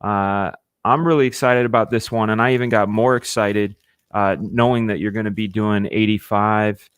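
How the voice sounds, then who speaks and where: A man hosting a casual livestream, talking with eager enthusiasm and halting restarts, sometimes with his mouth full. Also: fairly low pitch, steady tone, clear, resonant tone, no room sound, clean studio sound. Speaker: livestream host.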